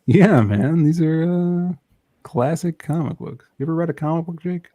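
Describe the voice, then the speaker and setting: A man co-hosting a casual podcast, reading comic book dialogue aloud in a loud, theatrical way between chatty remarks. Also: on the high side, moderate pace, dry recording. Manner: loud and theatrical when reading speech bubbles.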